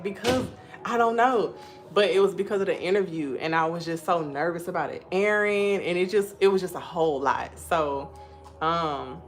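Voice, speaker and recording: Animated, laughing young woman on a live stream. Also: lowish voice. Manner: animated storytelling, laughs often. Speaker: content creator hosting a live stream. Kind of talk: casual live-stream chat reading comments.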